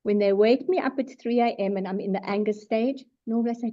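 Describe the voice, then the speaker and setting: Middle-aged woman, psychologist running a webinar, warm and lively delivery, muffled lo-fi sound. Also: fairly high pitch, quick pace. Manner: animated, emphatic, self-deprecating asides. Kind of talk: webinar talk. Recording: dull lo-fi webinar audio.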